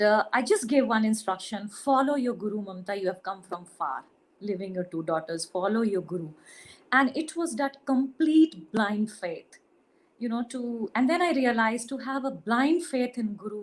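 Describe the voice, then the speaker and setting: A woman with an Indian English accent giving an earnest, halting spiritual testimony, full of fillers and restarts. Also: medium pitch, darkish tone, low-quality recording. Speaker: spiritual retreat participant sharing testimony. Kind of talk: emotional personal testimony.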